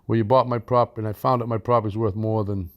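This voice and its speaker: A man voicing an upset retired older man who feels cheated on a land sale, talking haltingly and repeating himself. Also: lowish voice, fairly even intonation, highs cut off, natural voice. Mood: aggrieved.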